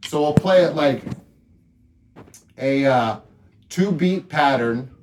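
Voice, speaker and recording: A man giving a casual drum lesson, talking straight to viewers in a relaxed, upbeat way. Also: on the high side, takes it slowly, faint music behind. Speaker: drum teacher. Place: drum studio.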